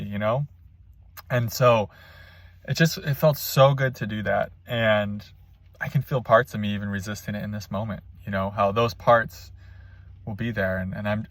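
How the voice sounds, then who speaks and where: A man's voice: mid-range voice, a bit bright, no room sound. A young man giving a candid, rambling spiritual monologue from a parked car, full of fillers, restarts and self-conscious asides. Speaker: spiritual coach. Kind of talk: casual spiritual vlog monologue.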